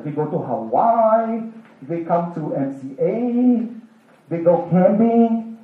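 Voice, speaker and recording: A man delivers an interactive sermon, throwing questions at the room and answering them himself. His voice is high and leaps up and down in pitch. He sounds distant and muffled, with heavy echo from a large hall. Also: very animated, a little slow. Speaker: preacher. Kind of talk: interactive sermon to a live audience. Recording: echoey hall, distant dull mic.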